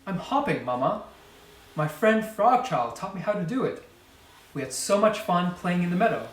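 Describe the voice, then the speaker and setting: A man voicing a friendly young snake boy in a high, excited child voice. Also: moderate pace, reverberant, recorded from a distance, rough recording. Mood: eager.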